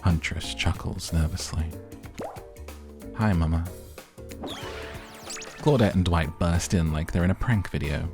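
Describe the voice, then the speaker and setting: A man's voice: low-pitched, moderate pace, few pauses. A man narrating a dating game playthrough with playful, wry asides. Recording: music playing behind.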